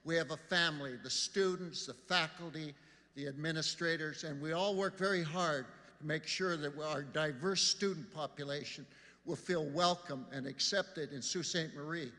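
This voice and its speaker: A man with a high, bright, forceful voice gives a measured acceptance speech at a podium. The sound carries a long reverb from the large event hall around him. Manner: measured, earnest. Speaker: college representative accepting award.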